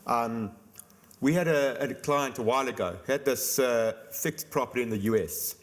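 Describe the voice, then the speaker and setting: A middle-aged man, an insurance expert, explaining estate planning in a brisk interview. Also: medium pitch. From South Africa. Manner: brisk, explanatory, rapid-fire examples. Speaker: insurance company expert guest. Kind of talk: virtual conference interview.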